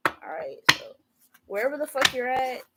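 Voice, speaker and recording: A woman's voice: high voice, big pitch swings, moderate pace, very noisy. A young woman giving a casual, profane tarot reading, talking straight to her viewers. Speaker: tarot reader.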